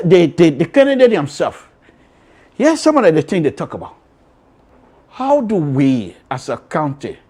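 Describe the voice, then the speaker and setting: A man with a Liberian accent hosting a political talk show, speaking emphatically and repeating himself for effect. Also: on the high side. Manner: emphatic, repetitive, shifts between loud and quiet. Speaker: radio show host. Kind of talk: political commentary.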